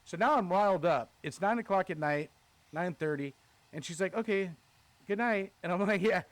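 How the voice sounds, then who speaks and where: Podcast guy telling a story, kinda high voice, swears a lot, acts out what everyone said. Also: fairly quick, dry recording. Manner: animated, profane, retells with quoted dialogue. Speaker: podcast host. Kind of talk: casual storytelling chat.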